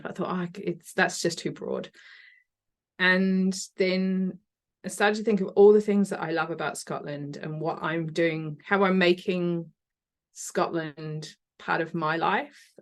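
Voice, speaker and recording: A woman's voice: lowish voice, fairly even intonation, a little slow. A woman guest in a casual podcast interview, talking in a chatty, enthusiastic way and laughing often.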